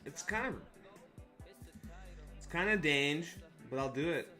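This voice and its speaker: Casual male stream host, bright forceful voice, jokey and hyped, faint music behind. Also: on the high side, animated, slow pace. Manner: joking, hyped, slangy and swearing. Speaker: live stream host for crypto trading. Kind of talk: casual live-stream chat over charts.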